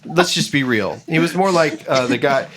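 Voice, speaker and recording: A man hosting a podcast in casual chat, rambling and quick as he tells jokes. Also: on the high side, expressive, over a noisy crowd. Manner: rambling, quick joke-telling. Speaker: podcast host. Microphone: studio mic.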